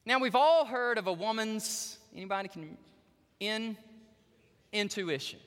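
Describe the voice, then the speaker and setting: A male pastor preaching a sermon, telling stories in an animated way and speaking directly to the women listening. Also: sits high, measured pace, long reverb tail. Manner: animated storytelling, addresses the women in the audience directly.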